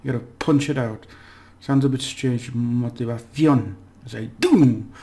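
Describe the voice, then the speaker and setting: A man giving a relaxed, chatty language lesson, slowly repeating words for practice and laughing at his own slips. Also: medium pitch, gravelly. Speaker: language teacher. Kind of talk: casual spoken language lesson.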